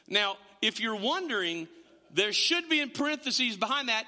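Male pastor, high and animated, restarts often; sermon in a reverberant church. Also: unhurried. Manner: animated, self-interrupting storyteller. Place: church sanctuary, also streamed online. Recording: long reverb of a church hall.

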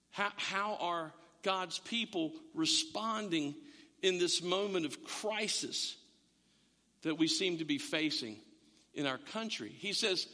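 A middle-aged man preaching a sermon in an animated, joking way, often restarting his words. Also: very high-pitched. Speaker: pastor. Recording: long hall reverb.

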